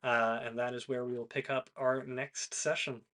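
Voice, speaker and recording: A man narrating and hosting a tabletop game stream as game master, relaxed and full of fillers. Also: mid-range voice, normal speed, crowd noise. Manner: relaxed, hesitant with many fillers.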